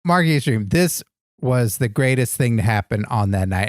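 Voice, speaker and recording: A man's voice: mid-range voice, sing-song, a little fast, no echo, clean studio sound. A man co-hosting a comedy podcast, earnestly enthusiastic in a goofy way. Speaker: podcast co-host. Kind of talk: comedic banter.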